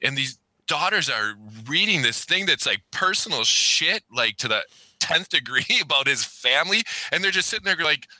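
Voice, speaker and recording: A man's voice: a little high, moderate pace, dry recording, poor audio. A middle-aged man chatting casually about a movie, swearing often and ranting with rising energy. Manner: profane, animated, rants in raised voice. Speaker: podcast co-host. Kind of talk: casual movie review chat.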